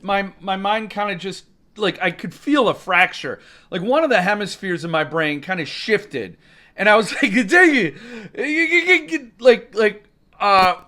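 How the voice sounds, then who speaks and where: A man's voice: high-pitched, bright, forceful tone. A man hosting a live stream, ranting in a rambling, mock-outraged way, and he breaks into sudden screams.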